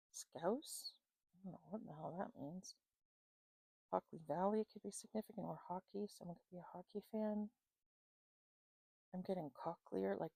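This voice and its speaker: A woman giving an intuitive psychic reading to viewers, listing names and places in an unhurried way, often pausing with "um" and checking in with "okay?". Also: fairly low pitch, vocal fry, warm tone, breathy edge, no echo, rough recording. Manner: unhurried, many fillers and "okay?" check-ins. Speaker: psychic reader.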